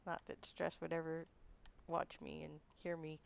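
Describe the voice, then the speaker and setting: Low gravelly woman streamer. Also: completely flat delivery, measured pace, highs cut off, a little hiss or hum. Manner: apologetic, chatty, laughs at herself. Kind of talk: casual gameplay chat.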